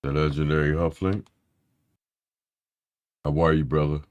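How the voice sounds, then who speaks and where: A man's voice: very deep voice, level tone, measured pace, darkish tone. A man hosting a casual tech live stream, loose and slangy, greeting his chat by name. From Philadelphia area.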